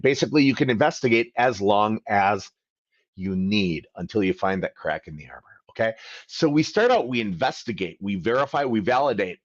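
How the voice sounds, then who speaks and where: A man's voice: mid-range voice, dry recording, highs cut off. A man hosting a live question-and-answer session as a credit coach, talking emphatically and acting out both sides of phone calls. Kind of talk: livestream Q&A talk.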